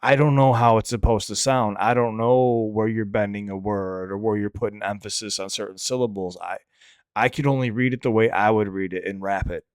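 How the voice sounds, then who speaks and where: A male reaction host talking in a smooth, somewhat low voice. His commentary is loose and candid, full of restarts and casual swearing, and the recording sounds dry and close. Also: fairly even intonation, a little fast, dry recording. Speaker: reaction channel host and rapper.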